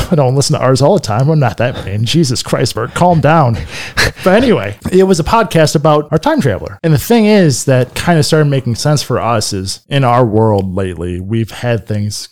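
A man's voice: mid-range voice, animated, normal speed, a little mellow. A man co-hosting a casual podcast, telling a strange story with lots of swearing and restarts. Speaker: podcast co-host. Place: home studio.

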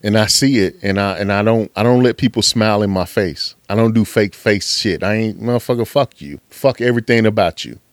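A man delivers a motivational podcast monologue in a low, dry voice. He swears freely, presses his points over and over, and preaches with fired-up conviction. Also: brisk, few pauses, no room sound. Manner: profane, fired-up preaching with frequent laughs. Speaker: podcast host.

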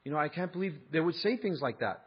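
Huffy old dentist guy, as a preacher puts him on, stammering, pitch jumps up, kinda muffled. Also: expressive, fast talker, slightly rough, in a large hall. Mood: indignant. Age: 70s. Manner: defensive, heated, stammering. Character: indignant elderly male dentist, easily offended.

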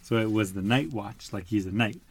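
A man's voice: lowish voice, moderate pace, no room sound. A man reading a picture book aloud to a child, patiently stopping to explain words and ask questions. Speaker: storybook reader.

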